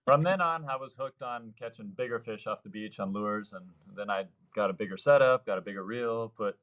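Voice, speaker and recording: A man's voice: fairly low pitch, fairly even intonation, brisk, muffled recording. A man in his thirties, a surf fishing guide, telling long rambling stories in a casual interview and acting out the voices of the people he quotes. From Mexico, Baja California Sur. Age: 30s.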